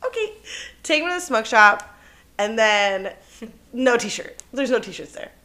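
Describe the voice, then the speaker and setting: Young woman ranting thru a bad date story, swears a lot, bright voice kinda high. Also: slow pace. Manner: animated, swears often, laughs through her story. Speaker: podcast co-host. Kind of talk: casual storytelling chat.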